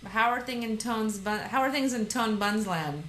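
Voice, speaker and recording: A chatty woman hosting a podcast, talking casually and often restarting her sentences. Her voice sits at an ordinary pitch in a roomy space with some echo. A faint hiss runs underneath. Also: normal speed, a bit bright. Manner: chatty, self-deprecating, stumbles and restarts. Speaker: podcast host. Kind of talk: casual chat.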